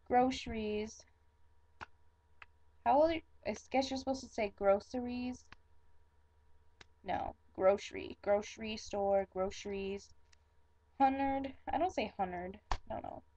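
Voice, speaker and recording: A woman's voice: medium pitch, dark tone, lo-fi sound. A young woman with a Michigan accent chatting casually in a vlog, saying words over and over and commenting on them. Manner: chatty, self-conscious, repeating words slowly. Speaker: vlogger. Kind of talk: casual accent tag video.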